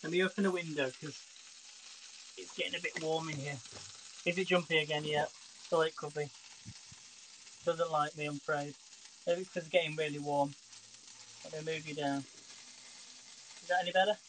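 A man's voice: on the high side, fairly even intonation, moderate pace, long pauses, fairly bright tone, slight background noise, low-quality recording. A man hosting a casual live cooking stream from his home kitchen, chatting straight to his viewers. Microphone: phone. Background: frying sizzle.

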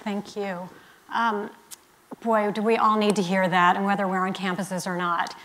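A woman moderating an onstage conversation at a student conference, with friendly, brisk interjections. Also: medium pitch, level tone, a bit bright, a little hiss or hum. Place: university event stage.

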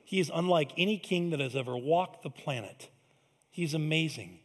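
A man's voice: on the high side, normal speed, in a large hall. A man preaching a sermon as pastor, in a conversational, emphatic style with frequent asides to the congregation. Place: large church hall.

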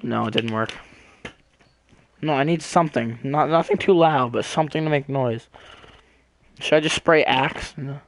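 A man's voice: mid-range voice, normal speed, pauses often, background noise. A man chatting casually while playing a game, rambling and restless. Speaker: co-player. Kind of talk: casual gaming chat.

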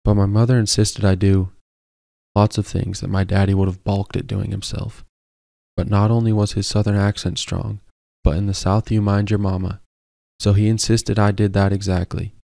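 A man voicing a bubbly young woman supermodel who talks in a bright, bouncy, teasing way. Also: on the low side, level tone, moderate pace, creaky, dry recording, clean studio sound. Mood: earnest.

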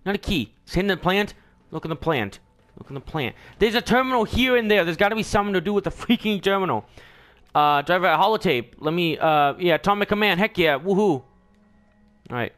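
A young man giving excitable let's play commentary, often yelling and laughing at the game. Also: sits high, a little fast. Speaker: gameplay commentator.

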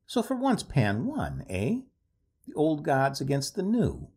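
A man voicing a teasing, amused young male nature god in a storybook reading, with a husky, lively delivery. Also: a little high, measured pace, voice pushed up, exaggerated voice. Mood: gleeful. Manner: amused, gleeful, insolent.

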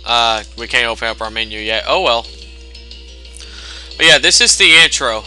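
A man's voice: medium pitch, lively intonation, normal speed, pauses often, bright, forceful tone. A man commenting on a game as he plays it, joking, swearing and voicing the on-screen text in mock tones. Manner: jokey, profane, reads the game text aloud in mock voices. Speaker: gameplay commentator. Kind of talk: let's play commentary. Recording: game music behind.

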